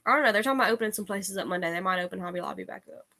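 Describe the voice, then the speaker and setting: A woman co-hosting a casual live chat, trading quick jokes about crafts. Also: mid-range voice, vocal fry, pushed and bright. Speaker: co-host.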